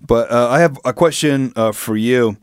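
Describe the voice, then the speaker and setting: A man co-hosting a podcast, trading crude jokes, laughing often and slipping into loud shouted voices. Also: medium pitch, moderate pace, smooth, no room sound, studio quality. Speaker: podcast co-host. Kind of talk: crude comedic banter.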